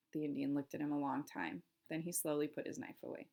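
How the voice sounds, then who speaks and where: A woman teacher reads a novel aloud to her pupils, steady and storytelling, stopping now and then to explain. Her voice sits low with a gravelly texture. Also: fairly quick, few pauses. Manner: steady storytelling with classroom asides. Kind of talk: reading a novel aloud to a class.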